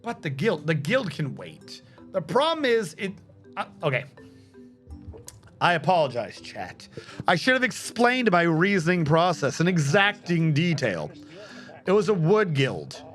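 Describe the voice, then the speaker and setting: A man's voice: a little high, huge pitch swings, measured pace, a bit bright, faint music behind. A man streaming a game live, giving casual, profane commentary and talking to his chat.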